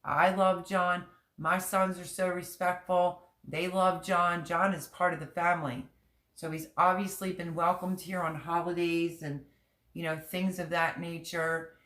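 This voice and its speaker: In a lowish voice that barely shifts in pitch, a little slow and fairly bright, a middle-aged woman chats on a livestream from home. The room echoes, and she rambles candidly and emotionally, often repeating herself.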